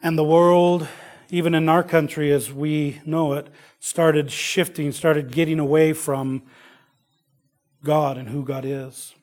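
Dynamic preacher with a fairly high voice. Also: male voice, level tone, slow. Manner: dynamic, swings between loud exclamations and hushed asides; conversational storytelling with fillers. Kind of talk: sermon.

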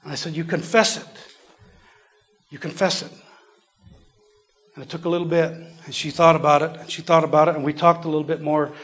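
A man preaching a sermon in a church, earnest and repetitive, falling to a near whisper before swelling loud again. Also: on the high side, flat delivery, rapid-fire. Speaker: pastor. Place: church service.

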